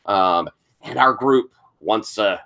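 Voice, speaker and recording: A man running a tabletop game, recapping the session as an animated storyteller who acts out quotes and sound effects. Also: lowish voice, slow pace, vocal fry. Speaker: game master.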